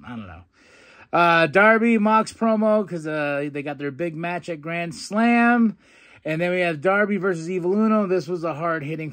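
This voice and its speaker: A young man hosting a podcast, casually recapping a wrestling show, animated and laughing often as he acts out wrestlers' lines. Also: on the high side. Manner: animated, quotes wrestlers in excited put-on voices, laughs often. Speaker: podcast host.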